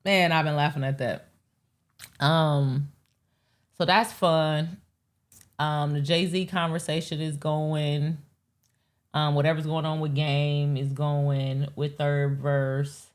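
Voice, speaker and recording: Low-voiced woman hosting a live stream. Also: little pitch movement, takes it slowly, long pauses. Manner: rambling, profane, talks to chat. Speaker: live show host. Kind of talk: casual live-stream chat.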